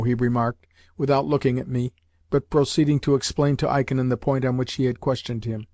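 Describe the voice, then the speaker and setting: Man, audiobook narrator, measured scripted narration, mid pitch, dry close sound. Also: fairly even intonation, darkish tone, no echo.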